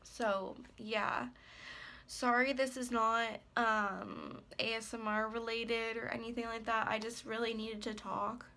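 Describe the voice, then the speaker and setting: A woman's voice: fairly high pitch, flat delivery, measured pace, sharp tone. A woman in her twenties talking hesitantly and anxiously in a personal vlog, full of fillers and trailing off. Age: 20s. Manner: hesitant, rambling, many fillers. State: worried and upset. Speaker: ASMR creator.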